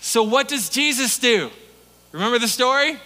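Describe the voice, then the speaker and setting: A man's voice: very high-pitched, animated, normal speed, bright, forceful tone, in a large hall. A male pastor giving a sermon in a conversational, storytelling way.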